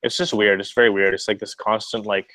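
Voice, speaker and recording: A man's voice: on the low side, level tone, fast, fairly bright tone, no room sound, rough recording. A young man from Montreal chatting casually on a live stream, rambling with lots of fillers and swearing. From Montreal, Canada. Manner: rambling, profane, many fillers. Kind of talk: casual chat.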